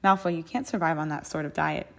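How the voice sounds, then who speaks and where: A stubborn, bookish young witch voiced by a woman reader speaks earnestly and insistently in a fan fiction audiobook. The voice sits slightly low and stays caring but firm. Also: fairly even intonation, quick pace, a bit bright.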